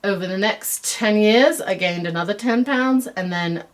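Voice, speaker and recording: A middle-aged American woman talks in a put-on Australian accent, with a voice of ordinary middle pitch. She rambles chattily in a stream-of-consciousness monologue, full of fillers and self-deprecating asides, as the host of her own web series. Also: normal speed. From United States.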